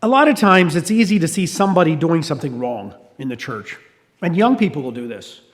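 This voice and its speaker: A man's voice: on the high side, big pitch swings, fairly quick. A man giving a sermon as pastor, talking conversationally with restarts and asides. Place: church hall. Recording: reverberant hall.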